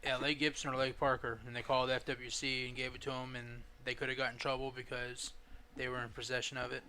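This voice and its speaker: A man's voice: medium pitch, flat delivery, fast, bright, forceful tone, a little hiss or hum. A man co-hosting a casual podcast chat, laid back and full of fillers. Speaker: podcast co-host.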